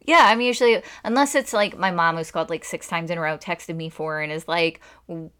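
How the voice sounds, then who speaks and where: A woman with a bright, clear voice trading casual talk on a podcast. She jumps in with quick reactions and laughs easily. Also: lowish voice. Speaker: podcast co-host. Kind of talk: casual chat.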